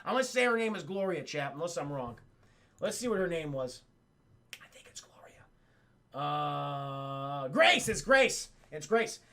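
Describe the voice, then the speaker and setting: A man's voice: sits high, very animated, normal speed, sharp tone. A man streaming a casual, profane spoiler recap of a cartoon episode to his live chat, rambling and addressing the chat directly.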